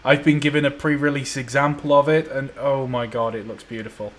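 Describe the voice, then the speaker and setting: A man's voice: medium pitch, steady tone, fairly quick, a bit bright, a little hiss or hum. Laid-back joking man streaming a train game. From Wales. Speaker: live streamer playing a train simulator. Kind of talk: casual live stream chat.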